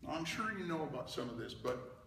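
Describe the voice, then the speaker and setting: An older man speaks with a bright, gravelly voice, spinning an animated story for an audience. He is recorded from some distance in a large, echoing hall, with a long reverb tail and a faint hum of room noise underneath. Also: medium pitch, fairly quick. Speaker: speaker giving a talk. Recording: roomy hall, mic at a distance.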